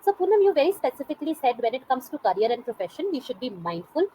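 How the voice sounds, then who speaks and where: A woman's voice: high voice, sing-song, quick pace, warm tone, a little hiss or hum, low-quality recording. A woman leading a casual conversation, encouraging her guest with frequent affirmations. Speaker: interviewer, English teacher.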